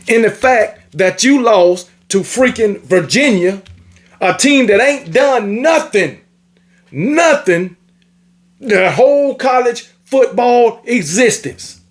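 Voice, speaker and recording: A man ranting about college football, scolding and repetitive, with casual swearing. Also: very high voice. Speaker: sports commentator. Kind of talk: ranting sports opinion monologue.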